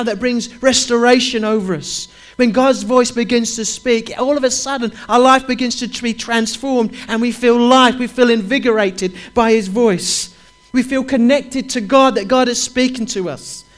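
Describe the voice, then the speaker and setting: A man with a notably high voice delivers a sermon to his congregation. He reads scripture with swelling emphasis and falls into a fervent, repetitive preaching rhythm.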